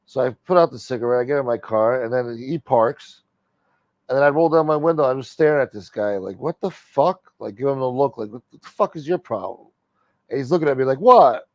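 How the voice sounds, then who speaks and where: Profane, animated man telling a story. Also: mid-range voice, fast, dry recording, dull audio. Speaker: host. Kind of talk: casual chat.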